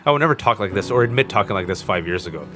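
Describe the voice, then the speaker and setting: A man in his forties, a podcast guest, talking candidly as an animated storyteller, earnest and self-mocking. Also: fairly low pitch, very fast, faint music behind. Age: 40s. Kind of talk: candid conversational interview.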